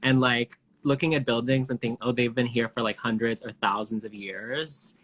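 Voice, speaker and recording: A man's voice: mid-range voice, little pitch movement, normal speed, a bit bright. Chatty man hosting a live chat. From Canada. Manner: chatty, many fillers, laughs easily. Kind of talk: casual chat. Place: home, video live stream.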